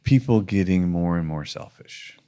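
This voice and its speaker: A man's voice: low-pitched, moderate pace, mellow, clean tone. A man co-hosting a casual faith-based podcast, talking earnestly with many restarts and emphatic urging. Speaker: podcast co-host.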